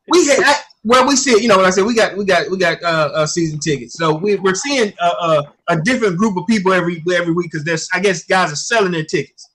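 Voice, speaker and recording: Man, high voice, bright tone, rambling casual sports storyteller. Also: lively intonation, fairly quick, slightly rough. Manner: rambling storyteller, repeats "I ain't gonna lie to you". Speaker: guest commentator.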